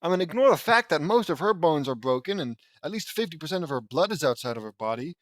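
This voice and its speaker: A man's voice: fairly high pitch, sing-song, fast, few pauses, no room sound. A man reading fan fiction aloud and mocking it in sarcastic, rambling asides, often stumbling and restarting his words. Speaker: audiobook reader and commentator.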